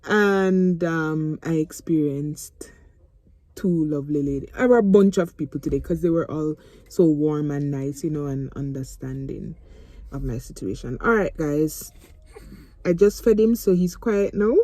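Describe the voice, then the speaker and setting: A woman's voice: deep voice, unhurried, mellow, dry recording. A young Jamaican woman telling a storytime vlog from her parked car, chatty and emotional, slipping into patois. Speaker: mother vlogging.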